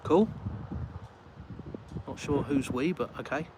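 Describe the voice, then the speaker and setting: Middle-aged Englishman, mid-pitched, rambling and chatty live streamer, filmed outdoors with heavy street noise. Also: takes it slowly. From England. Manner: chatty, rambling, reads out viewer messages. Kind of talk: casual livestream chat. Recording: loud street and traffic noise.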